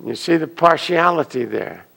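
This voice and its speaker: A man giving a Sunday sermon as a minister, telling stories and acting out the characters' excited voices. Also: on the high side, normal speed, gravelly, slightly rough. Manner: animated storyteller, acting out excited quoted voices. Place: church hall. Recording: long hall reverb.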